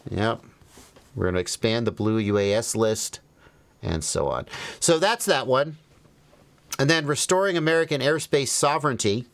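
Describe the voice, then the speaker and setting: A man's voice: mid-range voice, fairly bright tone, dry recording. A man hosting a livestream, reading phrases aloud and commenting wryly as he thinks them through. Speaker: livestream host.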